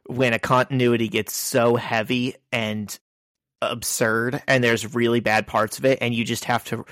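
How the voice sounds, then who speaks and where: A man's voice: mid-range voice, little pitch movement, measured pace, fairly bright tone, no room sound. A young man co-hosting a podcast, making blunt, dry skeptical remarks. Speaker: podcast co-host. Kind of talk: casual chat.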